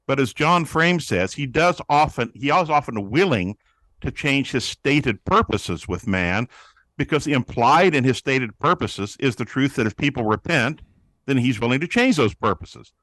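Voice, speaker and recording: Animated preaching man, dry close sound. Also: medium pitch, moderate pace, no echo. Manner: animated preaching, acts out quoted voices. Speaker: guest, pastor-author on prayer. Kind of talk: teaching interview answer.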